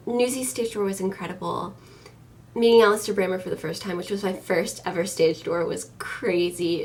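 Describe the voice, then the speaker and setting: This is a young American woman in her early twenties, talking straight to her camera at home. Her voice sits at a middle pitch with a gravelly edge of vocal fry. She rambles happily, full of ums and likes. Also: recorded from a distance. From United States. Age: early 20s. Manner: chatty and enthusiastic, many ums and likes. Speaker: vlogger. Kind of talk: casual chat to camera.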